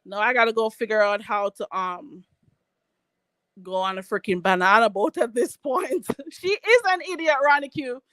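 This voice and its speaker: A woman's voice: on the high side, moderate pace, a bit bright, no echo. A Jamaican woman ranting on a live stream, sassy and mocking, calling her target "child". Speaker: vlogger.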